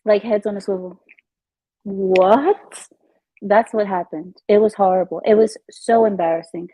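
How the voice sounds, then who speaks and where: A woman's voice: medium pitch, steady tone, a little fast, dark tone, poor audio. A woman giving chatty, emphatic commentary on her vlog at home. She often repeats herself and laughs. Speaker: vlogger. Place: at home in her new house.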